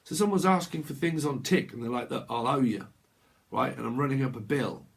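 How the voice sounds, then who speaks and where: A man giving a casual tarot reading, rambling through playful word associations and acting out customers in quick, silly voices. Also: mid-range voice, lively intonation, creaky. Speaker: tarot reader.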